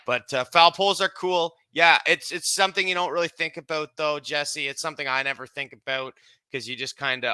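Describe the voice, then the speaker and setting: Laid back canadian dude rambling on a baseball podcast, super bright clear voice, dry mic. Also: male voice, a little high, a little fast, dry recording. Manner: rambling, relaxed, lots of fillers and restarts. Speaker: podcast co-host. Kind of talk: casual sports podcast chat.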